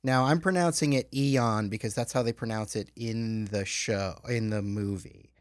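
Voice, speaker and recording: A man's voice: lowish voice, normal speed, no room sound, studio quality. A middle-aged man hosting a film podcast, reading a polished intro, then chatting casually. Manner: reads a polished intro, then relaxed banter. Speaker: podcast host.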